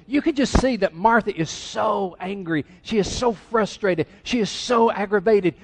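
A man's voice: high-pitched, moderate pace, few pauses. A middle-aged male pastor preaching a sermon in a church, conversational and teasing the congregation. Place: church sanctuary.

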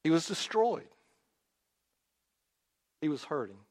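A man preaching a sermon, telling the story dramatically and swinging from loud to quiet. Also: fairly high pitch, sing-song, takes it slowly. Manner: storytelling, acts out quotes, rises and drops in volume. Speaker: pastor. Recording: long hall reverb.

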